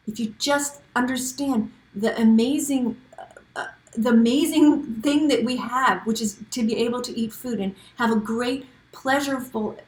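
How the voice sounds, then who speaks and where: A woman's voice: fairly high pitch, echoey room, poor audio. A middle-aged woman hosting a casual talk to camera, chatty and encouraging, often restarting her sentences. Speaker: host.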